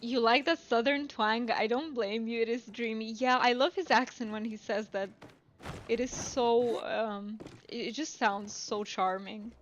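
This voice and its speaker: A woman's voice: on the high side, steady tone, a little slow, muffled recording, slight background noise. A woman streaming a game, chatting casually and musing aloud to her viewers. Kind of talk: casual gameplay commentary.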